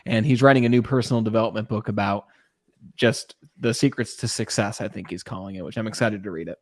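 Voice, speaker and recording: A man's voice: fairly low pitch, fast, no echo. A man hosting a podcast, enthusiastically posing long, layered questions to his guest. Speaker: podcast host. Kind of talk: interview conversation.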